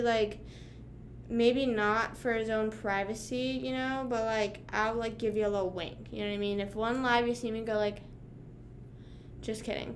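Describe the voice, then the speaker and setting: A woman's voice: fairly high pitch, slight background noise. A young woman in her twenties chatting casually with viewers on a livestream from home, slangy and rambling with lots of "like" and "bruh". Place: home room.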